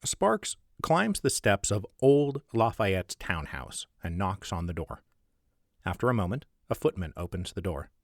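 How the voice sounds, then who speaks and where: A man reading the stage directions of his own screenplay aloud in a measured, wry narrating style. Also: low voice, dry recording, studio quality. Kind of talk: scripted narration, one-man table read.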